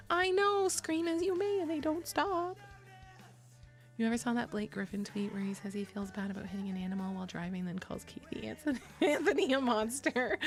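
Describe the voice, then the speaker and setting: Young woman streamer, casual and chatty, swears freely, laughs easily; fairly high pitch. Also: vocal fry. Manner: rambling, swearing, laughing often. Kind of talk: casual live-stream chat.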